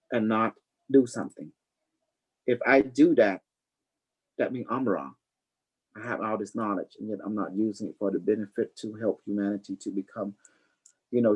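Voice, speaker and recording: A man's voice: lowish voice, darkish tone, slightly rough, low-quality recording. Rambling preachy man hosting a livestream. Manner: loose, repetitive, peppered with "you know"; affectionate, calls listeners honey. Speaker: livestream host. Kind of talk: rambling live chat and preaching.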